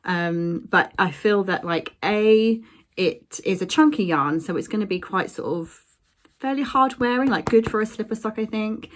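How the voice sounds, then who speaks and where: A woman's voice: medium pitch, moderate pace. Chatty woman, rambling vlog talk. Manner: chatty, rambling with many ums and likes. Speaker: crafting vlogger. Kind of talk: casual chat.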